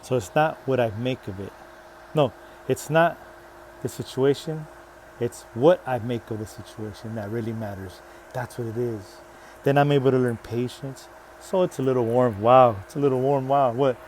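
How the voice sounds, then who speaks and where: A man giving a faith-based motivational talk outdoors. He is preachy and energetic, repeats short rallying phrases, and swings between soft and loud. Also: mid-range voice, normal speed, slight background noise. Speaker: motivational vlogger.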